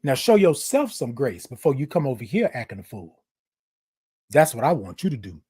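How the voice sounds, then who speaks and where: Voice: medium pitch, sing-song, moderate pace, a little mellow, slightly rough. Passionate, emphatic live-stream host. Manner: passionate, emphatic, raises voice, preachy repetitions. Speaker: livestream show host. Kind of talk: animated live-stream talk to viewers.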